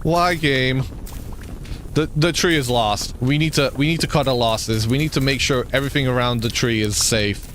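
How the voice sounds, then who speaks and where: A man's voice: mid-range voice, moderate pace, fairly bright tone, a little hiss or hum. A young man streaming a survival game, swearing at it and laughing in disbelief as things fall apart. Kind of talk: live gameplay commentary.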